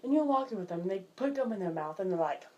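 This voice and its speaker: Talking fast and animatedly in a mid-range voice with a darkish tone, this woman gives a casual, exasperated vlog chat full of "like." The highs are cut off and there's slight background noise.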